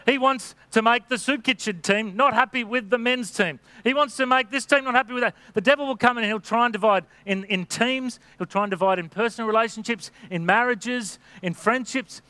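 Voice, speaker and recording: A middle-aged man preaching in a high, bright voice that stays close and dry. He exhorts his listeners earnestly, pressing each point home, and now and then slips into the voices of people in his examples. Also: fairly quick, few pauses, no echo. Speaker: pastor. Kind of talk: sermon.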